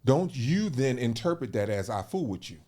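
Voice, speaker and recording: Animated male podcast host, mid-pitched. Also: normal speed. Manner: animated, lively storyteller who acts out quoted voices; thinks aloud with repeated fillers and restarts. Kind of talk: casual podcast conversation.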